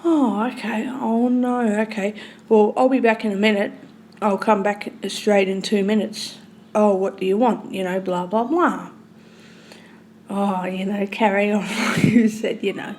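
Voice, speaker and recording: A woman telling a long, rambling story in casual speech, swearing freely and swinging between loud and hushed. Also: mid-range voice, steady tone, measured pace, slight background noise.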